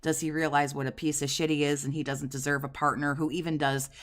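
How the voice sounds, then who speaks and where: Sarcastic low-voiced woman commentator. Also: level tone, quick pace. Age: 40s. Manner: sarcastic, crude, scornful. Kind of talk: mocking commentary over clips.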